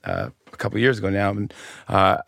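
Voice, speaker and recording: A man guest telling a funny family story in casual chat, animated and acting out the voices. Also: on the low side, brisk, vocal fry, no room sound, clean studio sound. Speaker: guest comedian.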